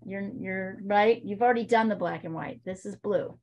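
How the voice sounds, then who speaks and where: A woman's voice: medium pitch, normal speed, a little mellow, lo-fi sound. A woman art teacher giving online painting instruction over a video call, encouraging and repeating her points as she coaches.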